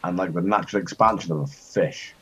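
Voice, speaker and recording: A man chatting and joking while playing a strategy game, rambling, with sudden high-pitched outbursts. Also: fairly quick, pushed and bright, slight background noise. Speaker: co-host of a gaming chat show. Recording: dull lo-fi home recording.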